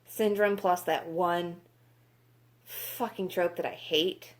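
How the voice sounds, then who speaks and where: A woman's voice: lowish voice, steady tone, slow. A woman reviewing books in a casual vlog, exasperated, sarcastic and swearing freely. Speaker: book reviewer.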